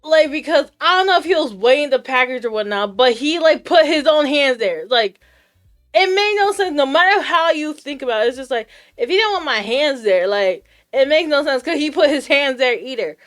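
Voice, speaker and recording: Streamer girl with a kinda high voice ranting to chat, acting out who said what, lofi music soft in the back. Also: normal speed. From United States, of Puerto Rican Caribbean roots. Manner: animated retelling, acts out both sides of the exchange. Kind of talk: casual storytelling rant to chat. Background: faint lo-fi music.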